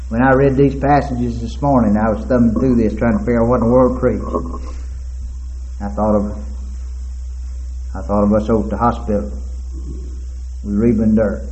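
Male preacher, sermon delivery that swings from quiet murmur to loud, high cries, in a roomy, muffled recording. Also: fairly even intonation, fairly quick, pauses often, a little hiss or hum. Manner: swings from hushed and low to soaring shouted peaks.

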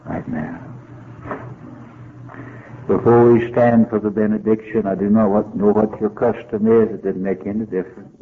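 A man's voice: flat delivery, fairly quick, few pauses. Older guy preaching a fiery sermon, voice jumps all over, sounds like a tinny phone line. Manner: impassioned storytelling with wide swings of pitch. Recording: tinny phone-like old tape.

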